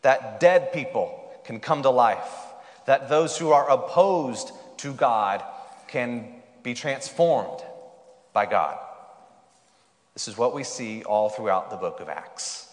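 A man's voice: medium pitch, lively intonation, takes it slowly. Male pastor, sermon delivery, playful then emphatic rhetorical questions; long church-hall reverb. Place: church sanctuary.

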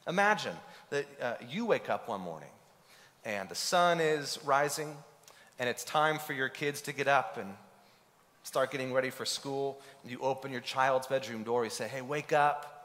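A man preaching a sermon as pastor, animated and rhetorical, voicing imagined questions from his listeners. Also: medium pitch, normal speed, big-room sound. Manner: animated, rhetorical questions, acts out voices of others.

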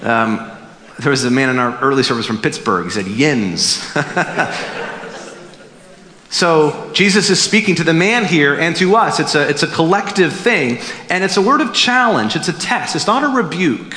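A man preaching a sermon as pastor, emphatic and animated, acting out quotes as he goes. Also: on the high side, normal speed. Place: church sanctuary. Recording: echoey hall reverb.

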